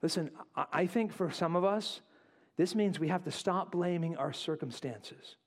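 A male pastor preaching a sermon, acting out quotes and dropping to quiet asides. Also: sits high, moderate pace. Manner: animated, acts out voices in quotes, drops to quiet asides.

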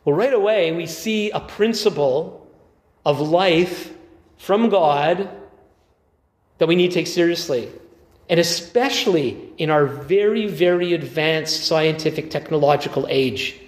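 Male preacher, relaxed conversational sermon, restarts and wry asides, roomy echo. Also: on the high side, unhurried. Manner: conversational, thinking aloud with restarts and dry asides. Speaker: pastor. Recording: echoey church hall reverb.

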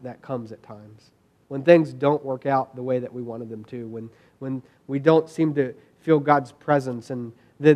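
A man's voice: medium pitch, darkish tone. A man preaching a sermon in an earnest, conversational way, full of fillers and restarts, and reading scripture aloud. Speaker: pastor.

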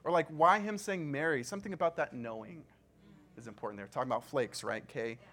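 A man's voice: fairly high pitch, brisk, a bit bright. A man leading a Bible study, reading scripture and breaking off for casual, joking asides and questions to the group. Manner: chatty, joking asides, frequent "like"; checks in with the group.

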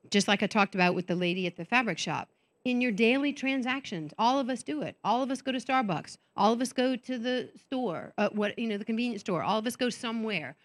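A middle-aged woman gives a faith talk at a conference, her voice sitting on the high side. She is chatty and animated, slipping into little acted-out voices of her own thoughts as she encourages the crowd. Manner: animated, conversational, acts out inner voices. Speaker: conference speaker. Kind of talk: motivational faith talk to an audience. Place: conference stage.

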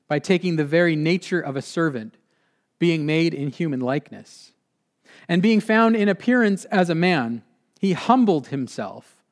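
A male pastor delivering a sermon in an earnest way, slowing for emphasis and dropping quiet at the ends of points. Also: fairly high pitch. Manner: earnest, with slowed emphatic phrasing and drops to a quiet close.

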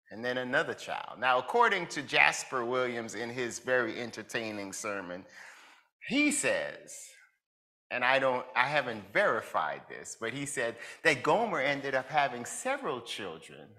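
Man preaching with a lively, lilting voice. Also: mid-range voice. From Jamaica. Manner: asks the listeners reflective questions, chuckles between points. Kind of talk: conversational sermon.

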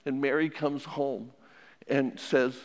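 A man's voice: mid-range voice, little pitch movement, slow pace. Older man giving folksy family advice. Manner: plainspoken and anecdotal, with many restarts and repeated maxims. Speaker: family and marriage counselor speaking to an audience. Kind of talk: folksy talk with religious advice. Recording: long hall reverb.

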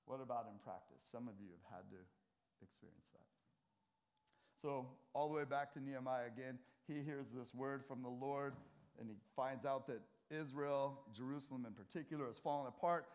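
An American man preaching a sermon in a church as pastor, telling stories conversationally and swinging between loud and soft. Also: fairly high pitch.

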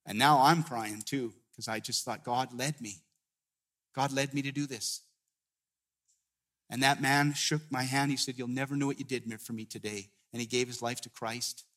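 Male guest preacher, middle-aged, mid-pitched, earnest storytelling sermon with frequent restarts. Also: steady tone, normal speed. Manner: storytelling, many restarts, drops to a hushed tone in emotional moments. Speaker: guest pastor.

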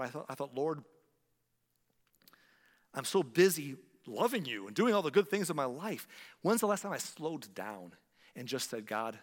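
A man's voice: medium pitch, expressive, moderate pace. Male pastor, mid-range voice, heartfelt sermon delivery with big dynamic swings; long hall reverb. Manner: earnest, emotional, swings from loud emphasis to hushed.

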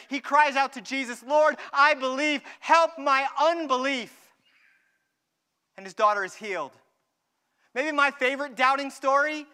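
A man preaching a sermon, acting out quoted voices with animated delivery and slowing down for emphasis. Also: very high voice, smooth. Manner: animated, acts out dialogue, slows down for emphasis. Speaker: pastor.

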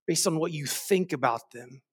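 A man preaching a sermon, slow and deliberate, repeating phrases for emphasis. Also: a little high, slightly rough.

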